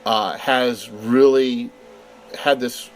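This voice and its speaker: A man's voice: medium pitch, steady tone, very slow, a little hiss or hum. Middle-aged Californian man, stammering. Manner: enthusiastic, with stammered repeats. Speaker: game designer guest. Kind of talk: casual interview chat.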